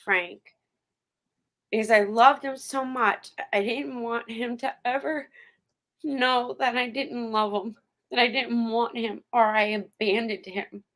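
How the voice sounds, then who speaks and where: A middle-aged woman, a guest in casual chat, speaking slowly and with heartfelt emotion. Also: a little high, steady tone, a bit bright.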